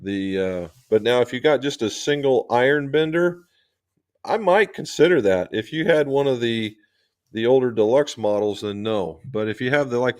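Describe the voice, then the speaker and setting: A man hosts a relaxed golf talk stream and chats with viewers. His voice sits at an ordinary middle pitch, and his delivery is folksy and unhurried. He drifts into long shop stories, with the loose rhythm of someone used to talking while he works. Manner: folksy storyteller, talks with his hands, relaxed and chatty. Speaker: golf club fitter and livestream host. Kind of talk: casual livestream chat answering viewers.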